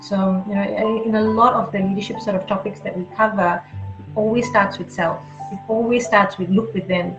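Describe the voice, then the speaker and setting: A woman with an Australian accent giving blunt, energetic advice as an interview guest, often restarting her sentences. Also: mid-range voice, moderate pace. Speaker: guest speaker. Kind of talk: conversational interview. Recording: muffled roomy sound with music.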